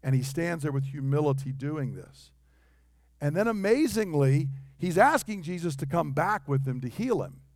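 A man preaching a sermon, animated, acting out the people in the story with changing voices. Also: a little high, normal speed, few pauses, no echo, clean studio sound. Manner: animated, acts out quotes in varied voices.

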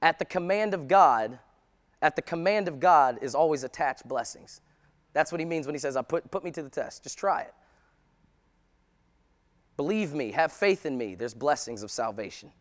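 A high-pitched male pastor delivers a sermon with growing passion, moving from quiet reflection to loud, fervent preaching. His voice carries a long reverb, as if heard in a large hall. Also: animated, moderate pace, long pauses.

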